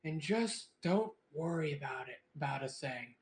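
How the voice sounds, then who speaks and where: A podcast guest with a fairly high voice for a man. He cracks quick one-liners throughout a loose group chat. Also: lively intonation, a little hiss or hum.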